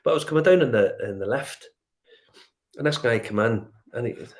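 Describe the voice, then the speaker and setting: A middle-aged man with a Northern Irish accent, telling animated travel stories in casual chat and acting out the dialogue. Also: mid-range voice, fairly quick. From Northern Ireland. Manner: animated storyteller, acts out dialogue. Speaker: whiskey show guest.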